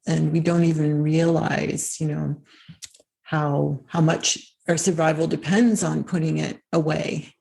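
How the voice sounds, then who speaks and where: A woman's voice: sits low, steady tone, a little slow, gravelly, warm tone. A woman hosting an interview, reflective and affirming, often checking in with her guest. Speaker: host. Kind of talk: interview conversation.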